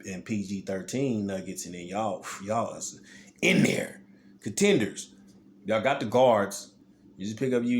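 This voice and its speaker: Low-voiced man rambling about sports. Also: a little mellow, slight background noise. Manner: rambling, talks straight to viewers, repeats himself. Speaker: sports opinion vlogger. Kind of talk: casual sports commentary.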